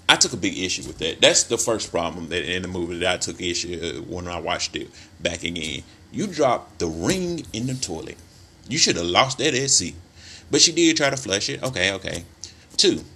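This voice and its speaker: A man casually retelling a movie plot in a lively, colloquial way, with sudden loud bursts of emphasis. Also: deep voice, slight background noise. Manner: animated storytelling with sudden emphatic outbursts; colloquial, conversational phrasing. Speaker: film commentator.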